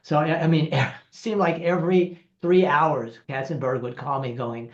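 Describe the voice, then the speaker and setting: A screenwriter recounting studio anecdotes, lively and acting out the people he quotes, laughing as he goes. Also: a little high, normal speed, hardly any pauses. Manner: animated, acts out quoted voices, laughs through stories. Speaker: screenwriter guest. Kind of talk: anecdotal storytelling. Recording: roomy, dull lo-fi sound.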